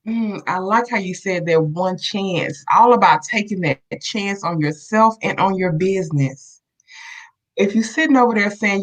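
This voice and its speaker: A woman's voice: medium pitch, measured pace, poor audio. Upbeat woman co-host hyping an event. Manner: upbeat and encouraging, hypes the event to viewers. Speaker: co-host of a live online show. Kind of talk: casual live promotional chat.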